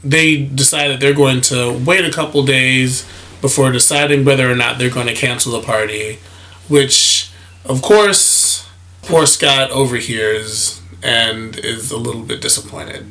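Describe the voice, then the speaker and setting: A man casually retelling a story, relaxed and rambling with many fillers. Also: medium pitch, unhurried. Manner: relaxed, rambling, frequent "you know" fillers.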